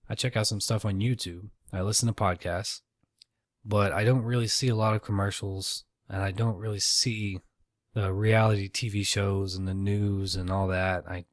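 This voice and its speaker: A man's voice: lowish voice, dry recording, clean studio sound. A man hosting a casual solo podcast, rambling and swearing freely with self-deprecating asides. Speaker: podcast host.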